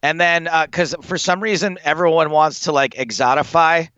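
High, animated man telling comic stories. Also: moderate pace, clear, resonant tone, no echo, dull audio. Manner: rambling, animated, swearing often, laughing through stories. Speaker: guest storyteller. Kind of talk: comic anecdote on a podcast.

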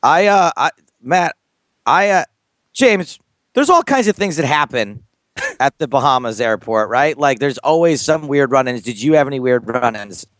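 A man co-hosting a podcast, telling a story in a loose, animated way full of fillers and restarts. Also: mid-range voice, moderate pace, no room sound. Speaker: podcast co-host. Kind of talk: casual storytelling chat.

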